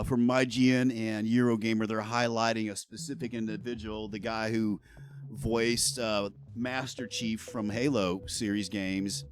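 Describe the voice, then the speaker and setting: Heated, sarcastic male news commentator who swears freely, with music playing under him. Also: mid-range voice. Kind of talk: ranting casual commentary.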